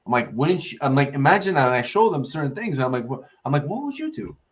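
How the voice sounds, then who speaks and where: A man's voice: mid-range voice, expressive, fast. Man with muffled lo-fi sound, telling stories. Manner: storytelling, acts out quoted friends. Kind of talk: casual roundtable chat.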